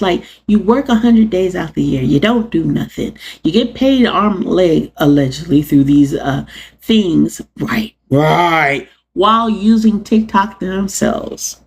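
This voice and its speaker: A woman hosts her own show and rants to her viewers with sarcastic, animated energy. Her voice is husky, with a gravelly edge. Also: medium pitch, measured pace. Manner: animated, sarcastic, laughs often, addresses chat. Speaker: podcast host. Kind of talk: live-streamed rant to viewers.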